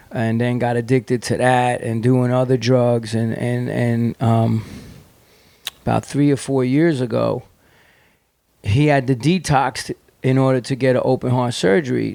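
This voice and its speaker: A gravel-edged, middle-aged man with a New York accent tells rough stories from his past, cursing freely and circling back with restarts and fillers. He speaks into a close podcast mic with no room echo. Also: mid-range voice, dark tone. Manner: profane, rambling, restless with many fillers and restarts. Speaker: podcast guest, punk band singer. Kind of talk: candid storytelling in conversation.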